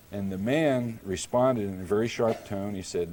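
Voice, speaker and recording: A middle-aged man from Kansas, a mayor, delivering a prepared public lecture in a measured, deliberate storytelling manner. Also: fairly low pitch, dark tone.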